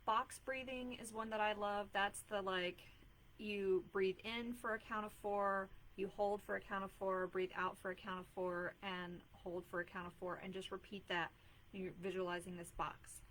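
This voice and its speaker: Chatty mom on a live stream. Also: female voice, medium pitch, steady tone, moderate pace, fairly bright tone, a little hiss or hum, poor audio. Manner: earnest, chatty, many fillers and "like"s. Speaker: mom life coach hosting a live video. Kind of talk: casual live-stream talk.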